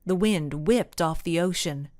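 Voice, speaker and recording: A woman reading a children's mystery audiobook aloud as narrator, with expressive storytelling. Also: lowish voice, unhurried, dry recording, studio quality. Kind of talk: scripted narration.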